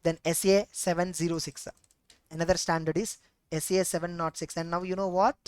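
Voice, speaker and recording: A woman's voice: lowish voice, steady tone, a little fast, smooth, no room sound. A woman with an Indian English accent teaching an exam-prep lecture, repeating points and asking herself rhetorical questions.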